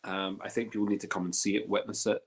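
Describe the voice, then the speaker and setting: A man's voice: on the low side, level tone, fast talker, husky. A man in casual chat, enthusiastic and often restarting his sentences.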